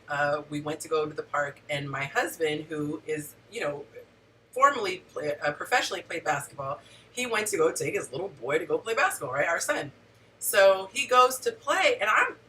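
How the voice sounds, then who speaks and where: A middle-aged woman hosting a casual talk show, frank and animated, telling stories with quoted asides. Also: medium pitch, distant mic, poor audio. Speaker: host.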